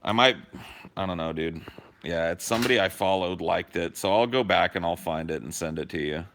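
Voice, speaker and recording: A young man on a podcast, telling a story in casual, animated chat, swearing freely and acting out what people said. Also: low voice, fairly quick, gravelly, slight background noise. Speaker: podcast co-host.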